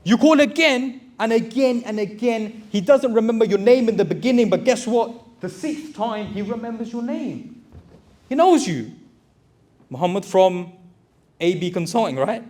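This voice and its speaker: A man's voice: high-pitched, lively intonation, normal speed, darkish tone. A man giving a direct, exhorting motivational talk to a live audience, calling them brothers. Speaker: motivational speaker and recruitment business owner.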